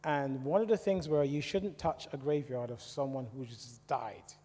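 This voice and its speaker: A man's voice: mid-range voice, normal speed, dark tone. A man from the West Indies giving a conversational testimony to a church congregation, often asking the audience questions. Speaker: church speaker. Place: church hall. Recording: long hall reverb.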